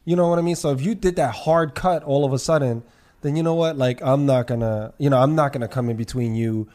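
A man's voice: mid-range voice, a little fast. Man telling a story in casual chat. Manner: animated, profane, repeats himself in quoted dialogue.

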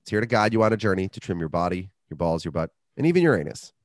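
This co-host's low voice comes out rapid-fire as he rambles and cracks jokes through a casual ad read and sports chat, keeping things lively. It's a dry, studio-quality recording.

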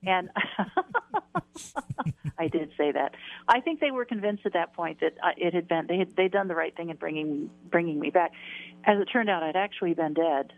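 A woman's voice: fairly low pitch, fairly quick. A woman in her sixties, a guest in an interview, recounting a personal near-death story earnestly and emotionally, repeating words and laughing at herself. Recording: tinny phone-line sound.

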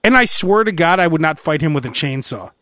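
A high-pitched man hosting a casual comedy podcast, animated and playful, slipping into impressions of other people as he jokes. His voice is close and dry on the studio mic, with no room sound around it. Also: fairly quick, no echo. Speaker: podcast host.

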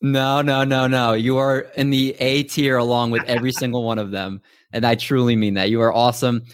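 A man's voice: mid-range voice, little pitch movement, fairly quick, smooth, no room sound, clean studio sound. A man hosting a podcast, chatting casually with upbeat, hyped introductions over a remote call mic. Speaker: podcast host.

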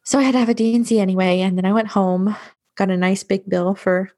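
Speaking quickly in a steady, mellow, medium-pitched voice, a bereavement doula shares a painful personal experience as a podcast guest. She is blunt and matter-of-fact, and her speech is full of filler words.

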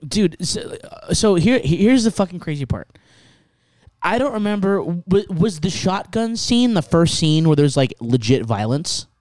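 A man with a fairly high, lively voice talks over a movie on a podcast, with excited, profane reactions. His pitch jumps a lot from line to line. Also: measured pace, no room sound. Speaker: podcast co-host. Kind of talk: casual chat.

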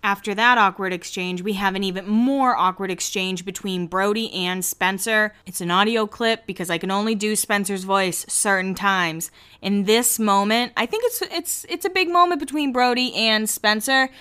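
A chatty woman hosts a casual podcast, gossiping playfully through a TV recap. Her voice is bright and smooth. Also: mid-range voice, moderate pace. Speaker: podcast host.

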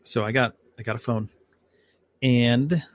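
A man from upstate New York, medium in pitch and steady in tone, talks in an unhurried way. He's hosting a casual live-stream podcast on a home mic, rambling about space and his plans.

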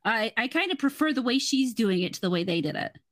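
A woman's voice: fairly high pitch, lively intonation, fast, fairly bright tone. A woman in casual chat, dry, matter-of-fact and blunt.

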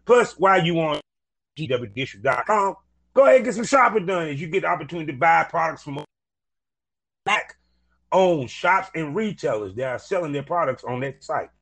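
A man hosting a podcast, reading sponsor plugs and chatting casually with a guest, energetic and fond of saying "you know what I'm saying". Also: a little high, moderate pace, gravelly. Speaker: podcast host.

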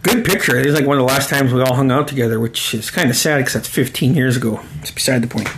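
A man's voice: medium pitch, fast talker, background noise. Man in his forties telling profane stories. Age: 40s. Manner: profane, laughing, rambling. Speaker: storyteller. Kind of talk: casual spoken storytelling.

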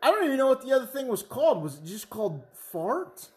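A man's voice: extremely high pitch, sing-song, quick pace, a little mellow. A man in his forties, rambling and swearing in a casual podcast chat. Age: 40s. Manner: rambling and profane.

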